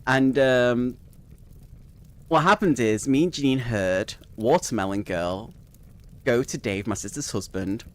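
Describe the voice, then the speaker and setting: A man's voice: mid-range voice, unhurried. A young man casually telling a rambling personal story, swearing freely and laughing at it as he goes. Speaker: streamer.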